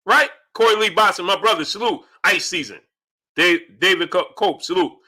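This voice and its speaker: Man, high pitch, sharp tense tone, boxing stream host, animated, shouting bursts. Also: normal speed, breathy edge. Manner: animated, shouts reenactments, greets chat. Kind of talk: live-stream boxing talk. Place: at home.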